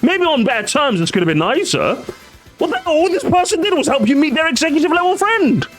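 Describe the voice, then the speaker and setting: A man's voice: extremely high pitch, big pitch swings, quick pace, a bit bright, soft background music. A young man doing casual stream reaction commentary, sarcastic and mocking, often restarting his sentences.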